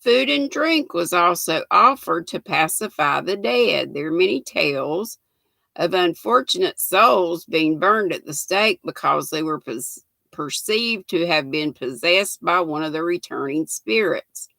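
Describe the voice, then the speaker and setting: A woman's voice: fairly low pitch, lively intonation, measured pace, vocal fry, bright, forceful tone, dry recording. An older woman hosting a casual livestream, chatting with viewers by name and reading trivia aloud. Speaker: livestream host.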